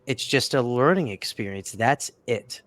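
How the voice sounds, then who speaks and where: A man's voice: medium pitch, expressive, a little slow, fairly bright tone, no echo. A man co-hosting a podcast, giving emphatic advice in a casual chat and stammering at times. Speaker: podcast co-host.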